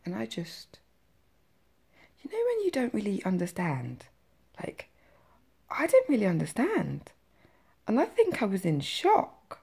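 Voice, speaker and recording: A woman's voice: medium pitch, huge pitch swings, a little slow, vocal fry, pauses often, a little mellow, husky. A woman vlogger telling her personal story to camera in a chatty, emphatic way, with many fillers and tag questions.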